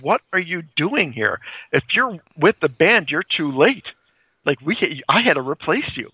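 A man's voice: medium pitch, fairly quick, creaky, no room sound, lightly acted. A man doing a melodramatic bride. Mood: indignant. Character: frazzled young undead bride, dramatic. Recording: dry tinny phone-like line.

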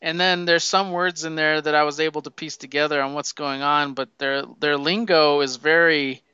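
A man talks comics in loose, profane banter, laughing easily and tripping over his words. His voice is bright and crisp, a little higher than most. The recording is dry and slightly dull, lo-fi. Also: little pitch movement, moderate pace, no room sound. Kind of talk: casual comic book chat.

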